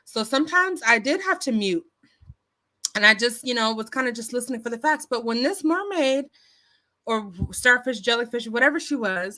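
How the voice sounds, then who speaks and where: A woman's voice: a little high, lively intonation, moderate pace, sharp tone. A woman vlogger telling a story casually into her phone, chatty, with lots of fillers and restarts. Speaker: YouTube commentary vlogger.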